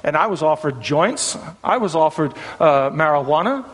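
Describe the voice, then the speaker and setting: A man's voice: a little high, expressive, normal speed, in a large hall. A middle-aged man from the American South with a Southern accent, preaching an earnest sermon in a church. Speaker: pastor. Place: church sanctuary.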